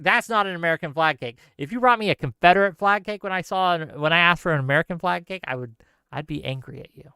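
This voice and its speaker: A man's voice: on the high side, vocal fry, pushed and bright, smooth, dry recording, studio quality. A man hosting a live stream, ranting casually and sarcastically while reading out viewer comments.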